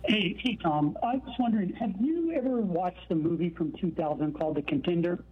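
A man's voice: high-pitched, lively intonation, a little fast, slightly rough. A man calling in to a radio show, earnest and rambling. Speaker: caller. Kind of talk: phone-in call. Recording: tinny phone line.

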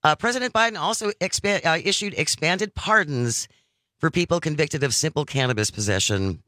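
Bright-voiced male talk radio host. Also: on the high side, animated, brisk, no room sound, studio quality. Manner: reads news items, then chats. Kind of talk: radio talk show discussion.

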